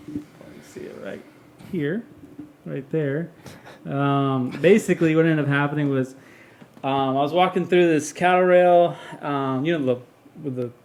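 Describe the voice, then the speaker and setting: A man's voice: a little high, darkish tone. A man in his thirties, a podcast guest, telling stories casually with lots of restarts and bursts of laughter. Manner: rambling, many fillers and restarts, laughs through stories. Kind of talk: casual storytelling.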